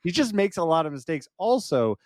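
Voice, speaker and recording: A man's voice: on the high side, very animated, fast, no room sound, studio quality. A man co-hosting a casual film podcast, easygoing and agreeable, laughing often as he talks. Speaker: podcast co-host.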